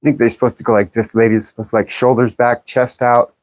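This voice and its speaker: A woman's voice: rumbling low, flat delivery, fast talker, darkish tone, no room sound. A woman in her fifties chatting bluntly and jokingly on a livestream, reading viewer comments aloud and laughing often. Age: 50s. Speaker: livestream host. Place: in California.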